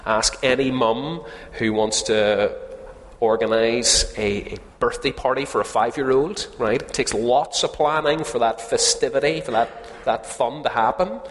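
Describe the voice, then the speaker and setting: Preacher in a reverberant hall. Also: male voice, medium pitch, unhurried, slight background noise. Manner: conversational, humorous, asks the congregation questions. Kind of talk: sermon.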